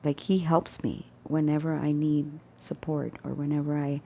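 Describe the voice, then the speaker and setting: A woman's voice: sits low, little pitch movement, normal speed, creaky, dark tone, slight background noise. A woman casually telling a personal story, rambling and correcting herself as she goes. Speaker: storyteller sharing personal stories.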